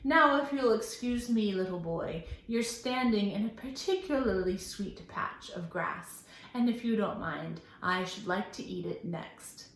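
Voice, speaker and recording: A woman's voice: medium pitch, animated, measured pace, hardly any pauses, roomy sound, low-quality recording. Woman doing a placid, dismissive cow. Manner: polite but dismissive. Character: placid female cow chewing grass.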